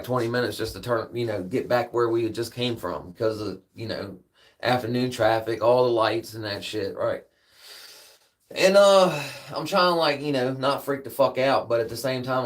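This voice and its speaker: Laid-back male streamer telling a story off the cuff, profane and rambling, average pitch. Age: adult with a daughter. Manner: rambling, profane, peppers speech with "man". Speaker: livestream host. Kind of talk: casual storytelling.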